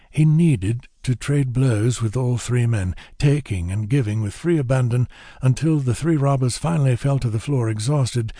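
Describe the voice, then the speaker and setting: A man reading an audiobook thriller in measured, even scripted narration on a close studio mic. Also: mid-range voice, breathy edge, dry recording.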